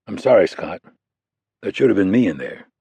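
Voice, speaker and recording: A man's voice: deep voice, sing-song, normal speed, creaky, warm tone, husky, dry recording, heavily acted. A man voicing a hardened male covert operative who answers in terse, clipped lines. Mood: subdued.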